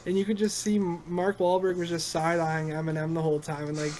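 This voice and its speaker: A young man co-hosting a casual podcast, eager and quick to agree with his partner. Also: a little high, little pitch movement, darkish tone, slight background noise. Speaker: podcast co-host. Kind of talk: casual chat.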